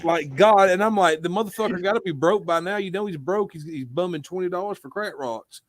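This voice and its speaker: A man co-hosting a casual podcast who talks loudly and swears constantly as he tells stories. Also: high voice, brisk, no echo. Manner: loud, profane, animated storytelling. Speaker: podcast co-host. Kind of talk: casual chat.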